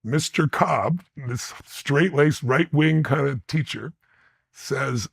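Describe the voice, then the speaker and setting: A man's voice: medium pitch, takes it slowly, vocal fry, breathy edge, dry recording. A man being interviewed, telling personal stories with intensity and blunt emphasis. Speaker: interview guest. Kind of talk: animated personal storytelling.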